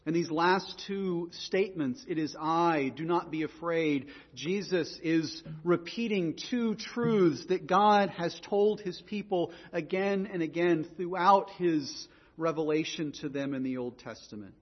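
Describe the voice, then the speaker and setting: A man's voice: fairly high pitch, unhurried, few pauses, long reverb tail, muffled recording. A man preaching a sermon in an earnest way, often repeating words as he goes. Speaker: pastor.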